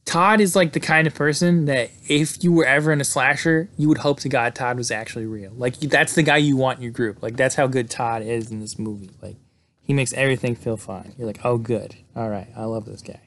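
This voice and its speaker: A man casually retelling a film's plot in a loose, rambling way, full of fillers and quick laughs. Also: mid-range voice, fairly bright tone. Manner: rambling, lots of "like" and "uh", laughs often. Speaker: podcast host recapping a film. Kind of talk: casual movie recap.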